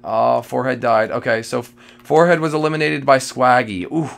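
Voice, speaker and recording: Man, live gaming commentary, jittery, excitable, repeats himself, heavy vocal fry. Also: mid-range voice, fairly quick. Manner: jittery and excitable, repeating phrases, with sudden loud outbursts. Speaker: gamer playing a multiplayer survival match.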